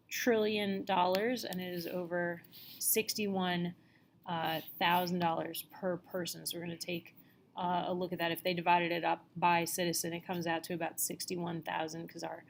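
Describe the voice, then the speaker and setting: A woman teacher with a low voice that has a gravelly edge, talking through slides as if chatting with a class. She explains loosely, stopping and restarting with frequent fillers. A faint hiss sits under her voice. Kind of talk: casual narrated slide lecture.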